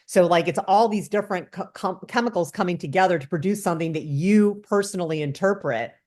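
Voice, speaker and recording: A woman with a somewhat low voice chats as a guest on a podcast. She explains at length and livens it up when she quotes other people. Her tone stays conversational throughout. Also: brisk, a little mellow. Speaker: guest cannabis educator.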